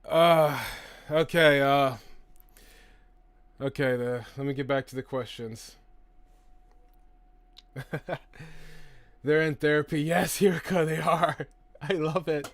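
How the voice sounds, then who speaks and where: A man's voice: on the high side, takes it slowly, long pauses, no echo. A man hosting a casual live stream, reading out and answering chat questions in a chatty, profane way, laughing easily.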